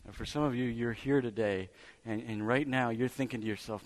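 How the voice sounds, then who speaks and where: Male pastor, sermon, emphatic, repeats lines to build up, mid-pitched voice. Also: fairly quick. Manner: emphatic, repetitive build-ups.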